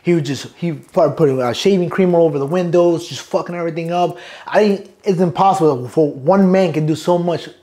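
A man's voice: a little high, brisk, dark tone. A man, a Marine sergeant major telling loose, profane stories from boot camp in a casual interview, often laughing. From Brooklyn, New York.

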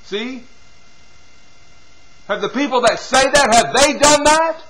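A man preaching a sermon, dropping from loud appeals to hushed, quiet passages and punctuating with "see?" and "hallelujah". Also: extremely high pitch, takes it slowly, a crowd in the background, low-quality recording. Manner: swings from loud exhortation to hushed near-whispers.

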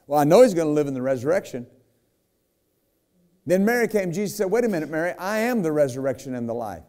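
Preaching to his congregation, a pastor acts out quotes while retelling a scripture story, throwing in emphatic asides and frequent calls of "right?" and "amen?". He talks fast in a slightly high, expressive voice with a dark tone.

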